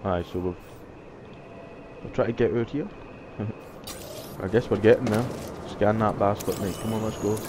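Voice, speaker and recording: A young man giving live gameplay commentary, excitable and profane, yelling and cheering at the game. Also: lowish voice, measured pace, pauses often, noisy background. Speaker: gamer. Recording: voice over loud game music.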